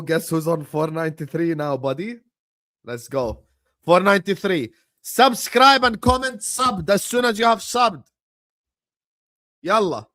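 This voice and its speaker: A man hosting a football watchalong livestream, excitedly chanting and urging viewers to subscribe. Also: fairly high pitch, no echo, studio quality. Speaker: livestream host. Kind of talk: hyped watchalong livestream chat.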